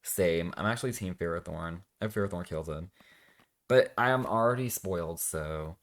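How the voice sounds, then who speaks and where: Deep-voiced man snarking through a fanfic. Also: normal speed. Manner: sarcastic, deadpan asides between dramatic readings. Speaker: reaction video host. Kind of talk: comedic fanfic reading with commentary.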